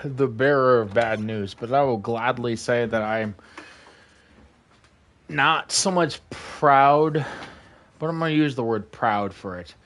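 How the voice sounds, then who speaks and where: A young man argues his side in a casual podcast, blunt and profane. He hammers his points home with heavy swearing, his voice at an ordinary middle pitch. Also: takes it slowly, pauses often, fairly bright tone. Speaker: podcast co-host, military veteran. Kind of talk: casual political chat.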